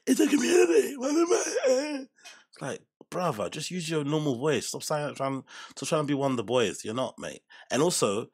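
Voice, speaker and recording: Brief: male reaction host, husky and gravelly, rambling and profane. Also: mid-range voice, lively intonation, brisk. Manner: rambling, profane, stops and restarts often. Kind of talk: casual reaction commentary.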